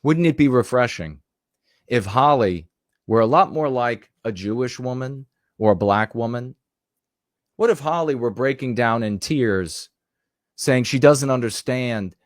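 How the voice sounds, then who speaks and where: A man's voice: mid-range voice, lively intonation, a little slow, dry recording, studio quality. A man giving a rhetorical, indignant commentary monologue, repeating phrases for emphasis. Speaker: political commentator.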